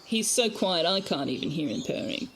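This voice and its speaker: A woman's voice: on the low side, lively intonation, normal speed, a bit bright, slight background noise, poor audio. Chatty woman streaming a game. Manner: chatty, talks baby talk to her cat. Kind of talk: casual live-stream chat. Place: home room with birds outside. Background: birdsong from outside.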